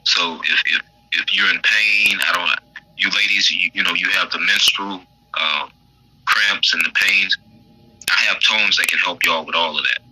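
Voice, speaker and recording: A man guest in a casual chat, speaking earnestly and confidently about his healing tones. His voice sits very low with a husky grain, and it comes across dry and close. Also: steady tone, normal speed, pushed and bright, dry recording, low-quality recording.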